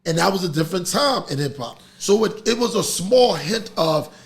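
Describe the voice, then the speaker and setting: Gravelly, high-pitched man ranting on a podcast. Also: normal speed. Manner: animated, heated ranting with laughing asides. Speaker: podcast host. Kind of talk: casual podcast chat.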